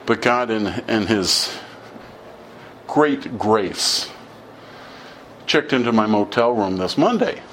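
A middle-aged man preaches in a relaxed, conversational way, drifting into stories and acting out both sides of the conversations. His voice sits a little low, and a faint hiss hangs under the recording. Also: slow pace, pauses often. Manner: conversational storytelling, acting out dialogue. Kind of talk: informal sermon.

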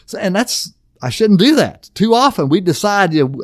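A man's voice: on the high side, animated, a little fast, few pauses, dry recording, studio quality. A middle-aged man preaching a casual marriage sermon, folksy and plain-spoken, often checking in with "okay?". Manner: folksy, repeatedly asks "okay?". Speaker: pastor.

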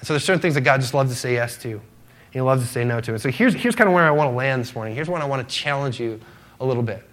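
A man's voice: mid-range voice, animated, quick pace, a bit bright. A middle-aged man preaching as a pastor in a casual, conversational sermon, acting out short quoted exchanges and asking "right?" often. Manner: conversational, acts out quoted voices of his daughters and himself, frequent "right?".

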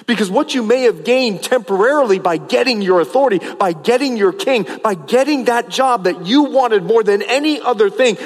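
A man's voice: sits high, long reverb tail. A man preaching a sermon as pastor, emphatic and repetitive, stressing phrases over and over.

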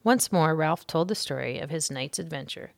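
Teacher lady reading a kids book out loud, low gravelly voice, dry sound. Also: animated, normal speed, dry recording. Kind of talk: storybook read-aloud.

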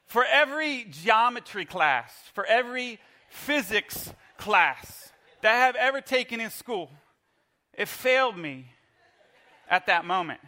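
A middle-aged man preaching a sermon in church, telling a lively personal story and leading the congregation in call-and-response. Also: very high voice, measured pace. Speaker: pastor. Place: church service.

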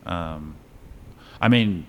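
A man with a very low voice talks casually through a film he's reviewing, retelling scenes with animated energy and a chuckle here and there. A faint hum of background noise sits under him. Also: extremely slow, dull audio. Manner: animated storytelling with chuckles and fillers. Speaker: podcast co-host reviewing a film. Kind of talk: casual chat.

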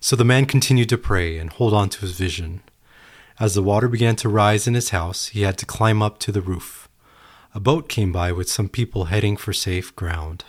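A man's voice: fairly low pitch, moderate pace. A man hosting a solo podcast, talking earnestly and telling a parable. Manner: earnest, storytelling. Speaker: podcast host. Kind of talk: reflective solo podcast talk.

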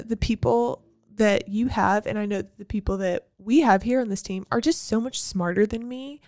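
A woman's voice: medium pitch, a little mellow, no echo, studio quality. A young adult woman and business owner, talking earnestly and encouragingly in a casual motivational monologue, with frequent fillers and restarts. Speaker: business owner and team leader.

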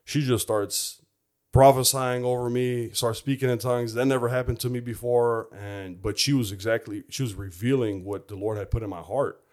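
A young adult man giving a personal faith testimony in an earnest, reflective way, pausing often with fillers. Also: mid-range voice, fairly even intonation, a little mellow. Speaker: former football player giving his testimony.

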